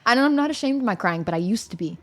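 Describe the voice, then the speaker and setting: A woman's voice: a little high, expressive, fast, fairly bright tone. A woman co-hosting a podcast chats frankly and openly. She speaks in an earthy, unfiltered way, drops casual swear words and laughs easily as she talks. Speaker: podcast co-host. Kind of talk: candid conversational chat.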